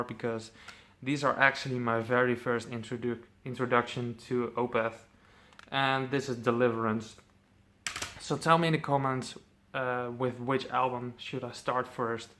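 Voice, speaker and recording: A man's voice: medium pitch, fairly bright tone. A man casually presenting his metal CD collection, enthusiastic, swearing freely, with lots of ums.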